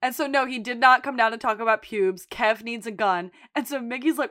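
Animated woman recapping scenes. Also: a little high, a little fast, few pauses. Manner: animated retelling, acting out lines. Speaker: podcast co-host. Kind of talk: casual recap chat.

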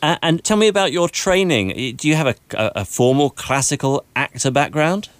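A man's voice: on the high side, lively intonation, brisk, clear, resonant tone, no echo. A man hosting an interview, prompting his guests with brief questions.

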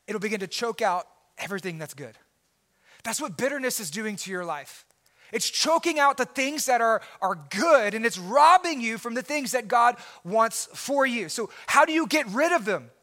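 Very animated and at normal speed, this pastor delivers his sermon earnestly. He swings between hushed low phrases and shouted emphasis, often repeating words.

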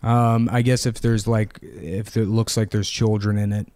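A man's voice: fairly low pitch, little pitch movement, normal speed, a little mellow, no room sound. A man co-hosting a podcast, trading crude jokes in casual banter and rambling between laughs. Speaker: podcast co-host.

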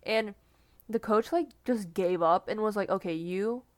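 Relaxed young woman podcast co-host. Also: medium pitch, measured pace, dry recording. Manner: relaxed storytelling with frequent laughs. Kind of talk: casual chat.

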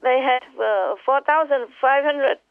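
A woman's voice: high-pitched, measured pace, smooth, no echo. A woman teacher speaks fervently to her disciples on a phone call. She hammers her points home and repeats them. The line is tinny and narrow, and the voice sits dry with no room sound. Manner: impassioned, repetitive, emphatic. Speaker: spiritual teacher. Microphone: telephone.

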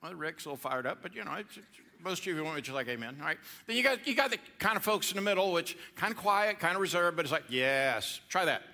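A man's voice: high-pitched, lively intonation, fast talker, pushed and bright. A middle-aged man preaching a playful, interactive sermon to a church congregation and coaxing them to answer back. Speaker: pastor.

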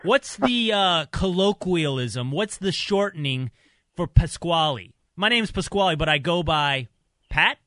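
A man from Texas co-hosts talk radio with a bright, slightly high voice. He jokes easily and mocks himself, recorded dry and close in the studio. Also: lively intonation, unhurried, no echo. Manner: joking, self-mocking. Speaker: radio co-host. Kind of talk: casual talk radio chat.

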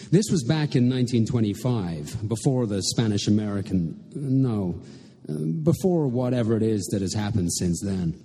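A man's voice: mid-range voice, warm tone, slightly rough. A man reading a story aloud to an audience, with a dry, wry delivery and small asides. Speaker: reader at a literary reading. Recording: echoey hall with long reverb.

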